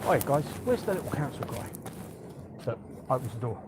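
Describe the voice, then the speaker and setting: A man's voice: mid-range voice, sing-song, moderate pace, very noisy. A man filming himself outdoors and bluntly confronting council staff in a chatty, assertive way. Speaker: activist filming a council meeting. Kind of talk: handheld confrontational vlog. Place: outdoors outside a council building.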